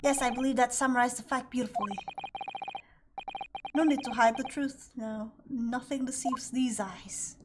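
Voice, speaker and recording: A woman's voice: fairly high pitch, fairly even intonation, normal speed, noisy background, lightly acted. A woman voicing an eccentric, pompous male detective, with a grandiose manner and a mangled mock foreign accent.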